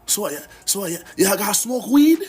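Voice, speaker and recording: A woman's voice: mid-range voice, sing-song, brisk, a little mellow, husky, soft background music, voice pushed up. A man imitating his displeased Jamaican mother, speaking in a Patois accent with a scolding, suspicious tone.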